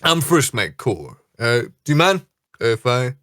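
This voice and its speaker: A suave first mate with a raised, eager voice, smooth and flattering, as a man narrating a tabletop game puts him on. The sound is dry, close and unroomy. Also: medium pitch, unhurried, no room sound.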